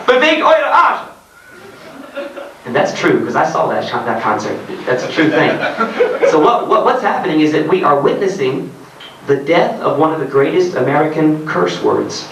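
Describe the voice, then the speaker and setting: A man's voice: medium pitch, a little hiss or hum. A man reads his comic writing aloud to an audience in a sardonic, ranting way and laughs at his own lines. His voice comes from a distant mic and echoes around a live hall. Faint room ambience sits underneath. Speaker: author reading his own work. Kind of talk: comedic reading to a live audience. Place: arts centre hall in Germany.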